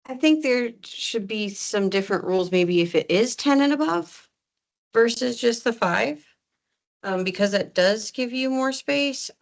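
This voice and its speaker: A woman's voice: on the high side, expressive, a little slow, gravelly. A woman board member giving her view at a public meeting, thinking aloud with hesitant restarts. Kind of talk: meeting discussion.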